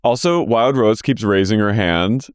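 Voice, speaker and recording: A man co-hosting a podcast, recapping a reality show in casual gossipy chat and acting out quotes in high mocking voices. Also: a little slow, clear, resonant tone, dry recording, studio quality. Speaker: podcast co-host.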